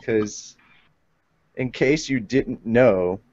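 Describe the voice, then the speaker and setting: A man's voice: mid-range voice, very slow, darkish tone. A man hosting a fan podcast, reading listener comments aloud in a rambling, joking way. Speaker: podcast host. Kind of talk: casual podcast chat. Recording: dull lo-fi stream audio.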